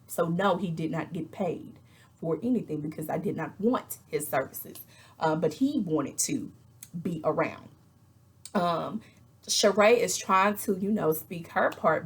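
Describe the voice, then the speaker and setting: A woman recapping a reality show in casual, animated chat, acting out quotes with exasperated asides. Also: lowish voice, unhurried, vocal fry, slightly rough. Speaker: reality TV reviewer.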